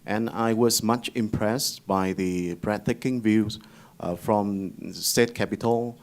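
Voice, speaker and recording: Low-voiced diplomat, halting. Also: male voice, fairly even intonation. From Vietnam. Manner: halting and formal, with many pauses and fillers. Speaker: diplomat on a trade panel. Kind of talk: conference panel remarks.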